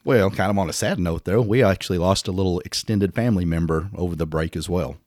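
Fast-talking deep-voiced Southern man in his fifties. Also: a little mellow, dry recording, studio quality. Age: 50s. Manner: blunt, swears freely, self-mocking. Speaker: podcast co-host. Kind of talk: casual chat.

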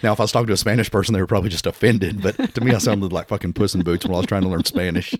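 A Southern man in his fifties with a very low voice who rattles along quickly. He co-hosts a podcast in a loose chat, blunt, swearing and poking fun at himself. The recording is close and dry. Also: a little mellow, no echo. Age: 50s. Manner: blunt, swears freely, self-mocking. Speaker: podcast co-host. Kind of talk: casual chat.

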